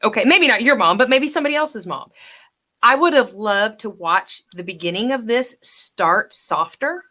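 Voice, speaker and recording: A woman giving an actor feedback over a video call, chatty, now and then acting out lines in a hush. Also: a little high, expressive, moderate pace. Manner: coaching, chatty, acts out lines in hushed whispers. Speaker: judge and acting coach.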